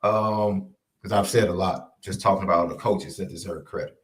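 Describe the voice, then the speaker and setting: A man's voice: low voice, moderate pace. A man co-hosting a sports podcast in casual chat, emphatic and repeating his points. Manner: animated, emphatic repetition. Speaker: podcast co-host.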